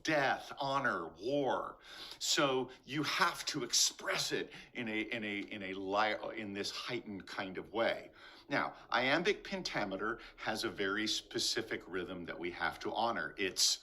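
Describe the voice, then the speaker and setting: Bright-voiced older man teaching acting. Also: mid-range voice. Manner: energetic, rhythmic demonstrations, bouncing a ball. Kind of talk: instructional talk to camera. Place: garage with concrete floor. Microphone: camera mic, steps back from it.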